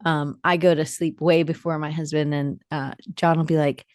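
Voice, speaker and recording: Woman from atlanta, podcast guest, lowish dry voice, acts out every story she tells. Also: moderate pace, no room sound. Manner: lively storyteller who acts out quoted dialogue. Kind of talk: casual conversation.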